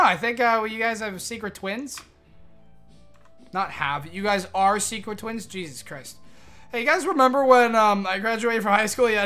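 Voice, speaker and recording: A young man streaming a game live, chatting excitedly, swearing and thanking his viewers. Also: sits high.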